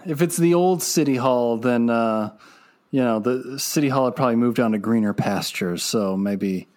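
Deadpan podcast man. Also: mid-range voice, normal speed. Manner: dry, deadpan quips. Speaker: podcast co-host. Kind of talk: casual comedic chat.

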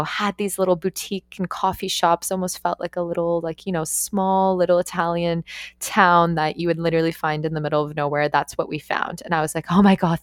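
A woman's voice: lowish voice, clear, resonant tone, dry recording, studio quality. A young woman who works on yacht crew, telling a story casually with lots of swearing and "like" fillers. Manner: profane, animated, frequent "like" fillers.

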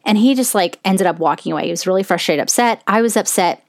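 A woman's voice: medium pitch, fast, no room sound, studio quality. Candid, chatty woman podcast host. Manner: candid and conversational, heavy use of "like". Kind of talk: personal storytelling monologue.

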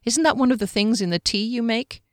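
A woman's voice: on the high side, brisk, no echo, clean studio sound, voice pushed up, lightly acted. A woman voicing an observant young heroine who speaks directly and probingly.

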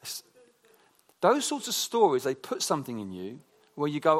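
A man preaching a conversational sermon, telling personal stories in a chatty, animated way with frequent restarts. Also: a little high, moderate pace, pauses often.

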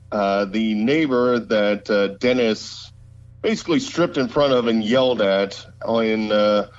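A man from Pennsylvania co-hosts a relaxed podcast chat. He rambles and hesitates, filling gaps with ums and uhs. The audio is slightly dull and lo-fi. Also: mid-range voice. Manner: rambling, hesitant with many fillers. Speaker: podcast co-host. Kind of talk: casual chat.

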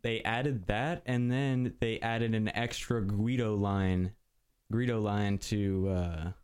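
A man co-hosting a podcast in casual chat, chiming in often with quick agreements and short remarks. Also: fairly low pitch, steady tone, darkish tone, clear, resonant tone. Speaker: podcast co-host.

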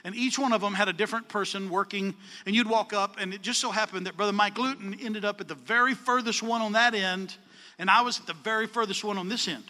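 A man telling a story in a sermon, animated, acting out the dialogue with changes of voice. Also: high-pitched, fast talker, long reverb tail. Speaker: preacher.

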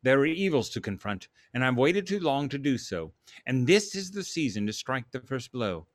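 A man's voice: mid-range voice, sing-song, moderate pace, dry recording, studio quality, natural voice. A man reading a storybook aloud and voicing a troubled, driven Victorian writer who speaks with urgent, bitter intensity. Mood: determined.

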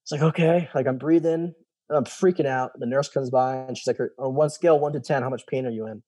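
A young man's mellow mid-range voice moves fairly quickly with fairly even intonation as he casually relates his story as a guest. He drifts from point to point, quoting others with "he's like," and there's no echo.

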